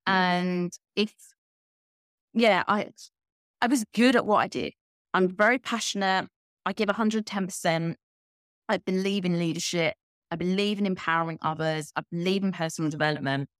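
A woman in her thirties talks in a candid, energetic way, laughing easily as a podcast guest. Her voice sits a little low for a woman. The recording is dry and close, with no room sound. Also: normal speed, dry recording. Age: 30s. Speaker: guest coach. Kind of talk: casual podcast conversation.

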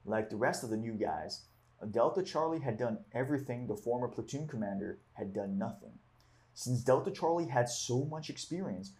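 A man's voice: medium pitch, darkish tone. A man leading a book discussion, reading passages aloud and then reflecting on them with casual fillers. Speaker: discussion leader.

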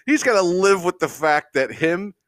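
A podcast host with a high, sing-song, somewhat bright voice delivers a casual comedic rant with no room sound. He's profane and exasperated, mocking people in quick impressions, rambling unscripted through asides with frequent fillers and chuckles.

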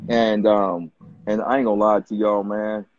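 A man telling stories on a podcast in a loose, animated way, repeating words and acting out what others said. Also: fairly low pitch, moderate pace, dry recording. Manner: animated storyteller, repeats words, acts out quotes. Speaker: podcast guest. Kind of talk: casual storytelling chat. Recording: dull dry close-mic podcast sound.

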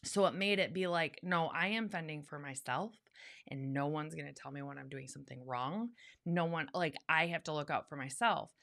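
A woman's voice: sits low, moderate pace, vocal fry, a bit bright. A woman co-hosting a podcast, talking candidly and earnestly, repeating words for emphasis. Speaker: podcast co-host. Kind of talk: casual chat.

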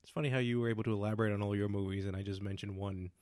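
A man co-hosting a casual podcast chat, asking questions, laughing easily and throwing in quick asides. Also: fairly low pitch, steady tone, darkish tone, no room sound, clean studio sound. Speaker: podcast co-host.

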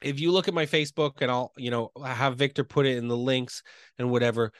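A man speaking as a podcast guest and real estate coach, talking quickly and earnestly and often checking in with "right?". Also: medium pitch, steady tone, clear, resonant tone, no room sound, studio quality. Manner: earnest, fast, enthusiastic talker with frequent "right?" tags.

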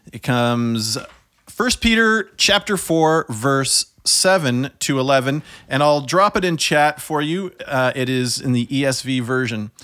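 Male co-host, mid-pitched, calm instructive devotional leader, dry recording. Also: no echo. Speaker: podcast co-host leading a scripture segment. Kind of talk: guiding a devotional discussion.

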